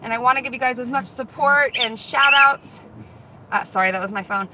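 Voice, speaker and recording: A woman hosting a casual live-stream vlog, chatty and excitable, talking straight to her viewers from outdoors and from her car. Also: sits high, fairly quick, low-quality recording. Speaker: vlog host, dumpster diver. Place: outdoors around store lots and in a car. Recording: loud car and outdoor noise.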